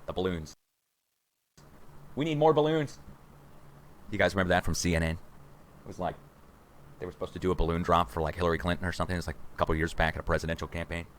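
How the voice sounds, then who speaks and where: A man in his forties hosting a rambling livestream from a room at home, excitable and conspiratorial, talking to viewers as guys. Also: lowish voice, a little hiss or hum. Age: 40s. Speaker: livestream host.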